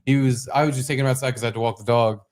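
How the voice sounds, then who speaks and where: A young man co-hosting a podcast, telling a story with lots of swearing and animated bursts. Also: medium pitch, racing. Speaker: podcast co-host. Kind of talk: casual podcast chat.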